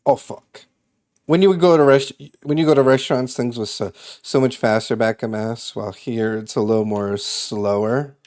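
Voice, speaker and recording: A man's voice: medium pitch, moderate pace, a little mellow. A man from Massachusetts streaming, chatting casually with viewers in a rambling, laid-back way that swears and laughs easily. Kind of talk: casual chat with live chat.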